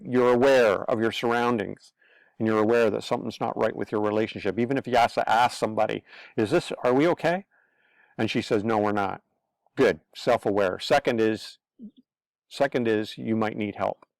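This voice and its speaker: Gravelly man giving blunt advice. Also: fairly low pitch, no echo. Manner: blunt, earnest, repetitive, swears. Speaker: online pastor-commentator. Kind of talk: casual advice monologue.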